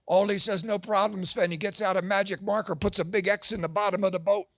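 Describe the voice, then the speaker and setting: A grandfather on stage at a church gala fundraiser tells jokes with quick side remarks, switching to high voices whenever he plays a character. His intonation is fairly even and a bit bright, with no echo.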